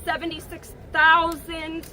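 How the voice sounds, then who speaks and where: A woman's voice: extremely high pitch, monotone, takes it slowly, bright, forceful tone, slight background noise. A woman giving an impassioned, emotional protest speech at an outdoor rally. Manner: emotional, rousing, call-and-response cadence. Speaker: rally speaker. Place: outdoor campus green at a rally. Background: crowd cheering.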